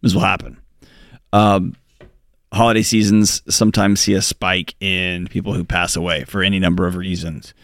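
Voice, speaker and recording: A man's voice: sits low, little pitch movement, normal speed, no room sound. Earnest man co-hosting. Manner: earnest, emphatic, joking banter. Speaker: radio show co-host. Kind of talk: advice talk show chat.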